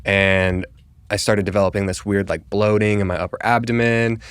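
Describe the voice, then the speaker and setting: A young man from Colorado, a real estate agent appearing as a podcast guest, tells a long personal story in casual chat. His voice is fairly low and flat, moving at a moderate pace and sounding smooth with no room sound. He says "like" constantly and acts out the quoted dialogue.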